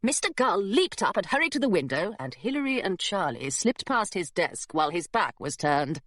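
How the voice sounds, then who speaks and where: Woman reading an adventure audiobook, bouncy animated delivery, pretty high voice, dry close sound. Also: normal speed, dry recording. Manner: expressive storytelling. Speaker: audiobook narrator. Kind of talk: scripted narration.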